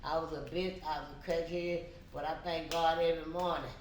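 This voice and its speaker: A woman's voice: sits low, fairly even intonation, fairly quick. A woman, a guest in casual chat, talking bluntly and brashly with no filter. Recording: echoey room with background noise.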